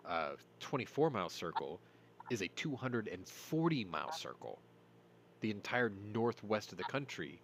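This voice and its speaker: A man's voice: lowish voice, slight background noise. A man hosting a casual news commentary show, rambling, going off on tangents and apologizing for them. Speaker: host.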